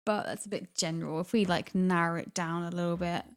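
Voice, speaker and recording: A woman's voice: fairly low pitch, steady tone, a little fast. A woman hosting a quiz on a casual podcast, upbeat and laughing often. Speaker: quiz host.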